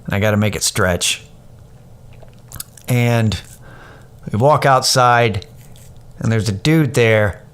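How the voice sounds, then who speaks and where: A podcast host in his thirties tells a personal story in a casual monologue that's candid, rambling and profane, getting animated when he quotes others. His voice is lowish and clean, and he takes it slowly with frequent pauses.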